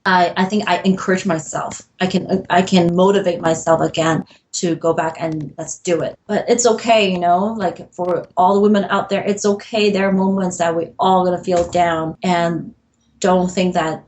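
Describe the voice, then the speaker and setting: A woman's voice: on the low side, darkish tone, poor audio. A middle-aged woman speaking candidly as a podcast guest, earnest and emotional, laughing often between admissions of self-doubt. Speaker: podcast guest, real estate broker. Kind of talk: candid interview conversation.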